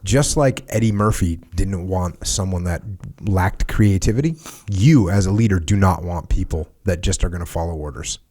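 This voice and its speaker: A man's voice: deep voice, normal speed, a little mellow. A man hosting a podcast, talking emphatically with dry humor and reading passages from a book. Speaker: podcast host.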